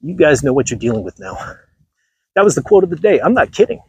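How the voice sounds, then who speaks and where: Very animated and quick, a man with a higher-pitched, slightly rough voice rants on his livestream. He addresses viewers directly, emphatic and repetitive for effect.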